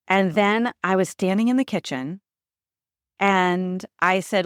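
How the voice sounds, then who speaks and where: A woman hosts her own podcast, speaking in a lowish voice. She coaches the listener in a conversational way and keeps checking in with "right?". The recording is close and dry. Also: normal speed, smooth, no room sound. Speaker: podcast host. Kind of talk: solo podcast talk.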